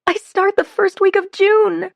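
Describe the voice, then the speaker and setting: An excitable young woman just out of college in a storybook audiobook, speaking eagerly and breathlessly in a high, bright voice, as a woman narrator plays her. The read is dry and close to the mic. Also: unhurried, vocal fry, no room sound, muffled recording, full character voice. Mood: overjoyed.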